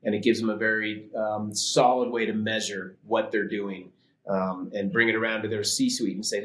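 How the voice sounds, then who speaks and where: A man's voice: on the low side, flat delivery, moderate pace, fairly bright tone, reverberant. A man speaking as a vendor guest on a live webinar, confident and salesy, with frequent fillers.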